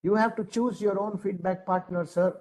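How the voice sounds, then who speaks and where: High-voiced earnest Indian man lecturing. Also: fairly even intonation, normal speed, darkish tone, low-quality recording. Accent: Indian English. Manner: earnest, emphatic, repeats phrases. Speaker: trainer. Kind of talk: lecture to adults.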